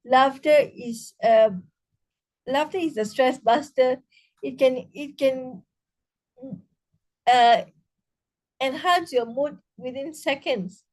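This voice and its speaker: A woman teaching a laughter yoga session over a video call, speaking haltingly with many restarts and leading rhythmic bursts of laughter. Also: sits high, darkish tone. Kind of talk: online interactive workshop talk.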